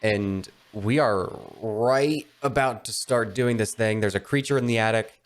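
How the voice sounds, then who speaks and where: A man's voice: on the low side, measured pace. A man playing a tabletop game, chatting casually and hesitantly with frequent restarts.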